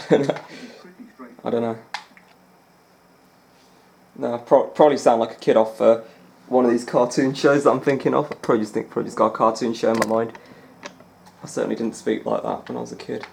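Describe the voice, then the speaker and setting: Over a snooker video game, a gaming channel host talks fairly quickly in a gravelly, darkish, medium-pitched voice with little pitch movement and long pauses. The audio is reverberant with slight background noise, and his commentary is rambling, chatty, self-amused, and filler-heavy.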